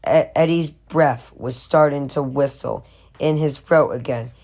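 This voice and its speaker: A woman reading a horror novel aloud, steady with occasional stumbles and restarts. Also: rumbling low. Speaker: audiobook reader.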